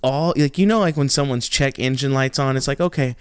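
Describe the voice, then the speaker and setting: A man co-hosting a podcast, telling stories in an animated way and laughing often. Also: mid-range voice, brisk, clear, resonant tone, no echo, clean studio sound. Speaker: podcast co-host. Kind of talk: casual chat.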